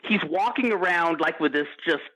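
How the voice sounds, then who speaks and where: A man in casual chat, telling lively stories on a podcast and laughing at his own tales. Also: on the high side, moderate pace, rough recording. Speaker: podcast roundtable guest.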